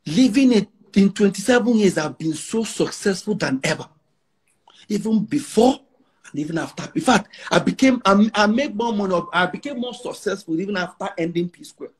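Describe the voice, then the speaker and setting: Nigerian pidgin accent, man around forty, fairly high voice, husky tone, brags, repeats himself for emphasis. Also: expressive, normal speed. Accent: Nigerian Pidgin English. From Nigeria, Igbo. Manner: emphatic, bragging, repeats lines for effect. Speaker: musician guest. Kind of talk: casual interview talk.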